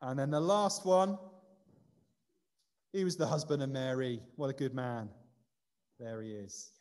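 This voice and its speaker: A man's voice: medium pitch, unhurried, darkish tone, clean tone. A man leading a light-hearted quiz in a church service, chatty and self-deprecating. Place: church building. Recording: long reverb of a church hall.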